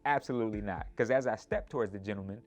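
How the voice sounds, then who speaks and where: Man, twenties, lowish voice, animated storytelling, quick tag questions, faint music underneath. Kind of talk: personal storytelling.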